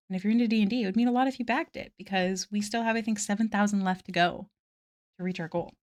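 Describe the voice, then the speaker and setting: Giggly woman chatting on a stream. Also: on the high side. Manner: chatty, giggly, reads chat aloud. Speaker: art streamer. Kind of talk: casual live-stream chat with viewers.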